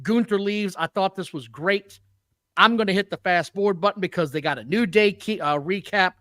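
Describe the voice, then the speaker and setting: Podcast co-host, male, high bright voice, blunt ranting delivery, dry close sound. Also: moderate pace, dry recording. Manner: blunt, exasperated rants with profanity. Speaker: podcast co-host reviewing wrestling. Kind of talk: casual chat.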